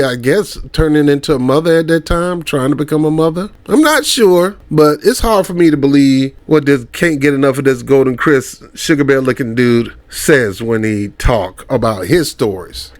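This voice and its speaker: A man's voice: on the high side, animated, normal speed, hardly any pauses. A man hosting his own commentary channel, ranting in a heated, slangy way, mocking his target and breaking into laughing anecdotes.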